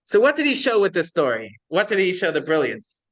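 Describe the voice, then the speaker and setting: Rabbi guy lecturing a class, kinda high voice, casual, keeps asking the room questions. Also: wildly swooping pitch, brisk, a bit bright. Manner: conversational, checks in with the class and poses questions. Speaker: rabbi teaching a course.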